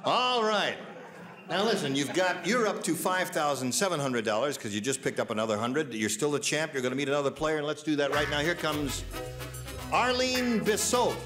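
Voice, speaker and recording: A man hosting a 1970s television game show with jokey, animated patter, heard in old studio audio. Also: a little high, moderate pace, over music. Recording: archival 1970s TV studio sound.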